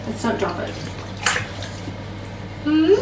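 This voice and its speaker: A woman's voice: high voice, big pitch swings, slow, noisy background. A woman vlogging at home in a casual chat, talking to her dog in affectionate baby talk. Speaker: vlog host and dog owner.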